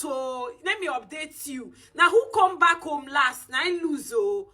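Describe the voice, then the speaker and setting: A woman chatting to camera, animated and teasing. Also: sits high, measured pace, few pauses. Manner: animated, teasing, mixes pidgin. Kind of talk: casual chat to camera.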